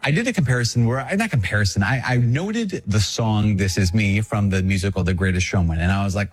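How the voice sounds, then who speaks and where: A man, a priest, talking casually to camera in an online video, chatty and self-mocking with animated asides. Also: lowish voice, a little fast, few pauses, husky.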